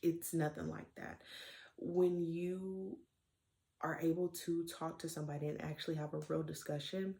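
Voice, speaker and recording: A woman's voice: low-pitched, steady tone, moderate pace, mellow, a little hiss or hum. A young woman studying to be a therapist, giving an earnest spoken reflection on a book, with many fillers. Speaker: student clinician.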